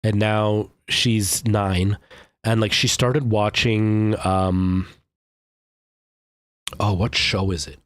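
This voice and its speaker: A man's voice: lowish voice, steady tone, very slow, pauses often, dry recording, studio quality. A man in his thirties, a streamer casually chatting to his viewers in a rambling way, full of fillers and restarts. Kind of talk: casual chat with live chat.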